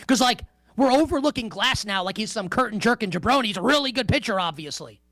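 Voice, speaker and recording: Male sports-betting radio host, animated delivery, dry close mic. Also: high-pitched, fast talker, no room sound. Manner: emphatic, conversational, playful asides. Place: radio studio.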